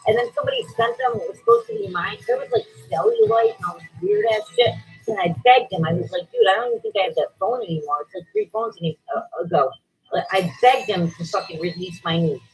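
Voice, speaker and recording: A woman's voice: mid-range voice, sing-song, fast talker, soft background music, poor audio. A woman chatting candidly and crudely, blunt and profane.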